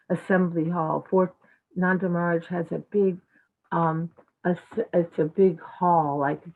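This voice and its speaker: A woman speaking in a low-ish voice, retelling a sacred story in an animated, chatty way with plenty of "um" and "like." Her voice comes through a video call with thin, phone-like sound. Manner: animated, chatty, many fillers. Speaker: devotional speaker. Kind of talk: storytelling talk. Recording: tinny phone-like call audio.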